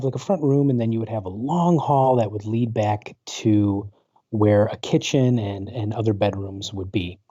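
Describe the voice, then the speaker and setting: A man in his forties, a paranormal researcher, is a guest on a talk show over a video call, telling a personal story in a rambling way full of fillers and restarts. His fairly low voice has a warm tone with no room sound, over dull lo-fi internet call audio.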